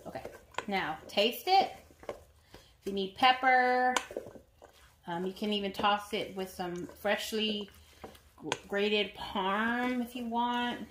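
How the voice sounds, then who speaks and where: A woman's voice: mid-range voice, slow pace, long pauses, noisy background. A woman vlogger chatting casually to viewers while cooking in her home kitchen. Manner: chatty, talks straight to viewers.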